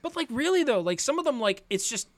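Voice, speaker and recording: A man's voice: very high-pitched, big pitch swings, fast talker, over a noisy crowd. A man in casual chat, recapping an anime plot with swearing, fillers and many restarts. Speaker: podcast co-host recapping an anime.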